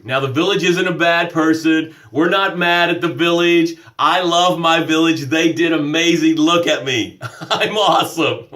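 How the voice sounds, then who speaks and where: A man's voice: fairly high pitch, fairly bright tone. A man coaching on a live stream, talking energetically and repeating his points, laughing at himself now and then. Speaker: life coach. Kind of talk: live-streamed motivational talk.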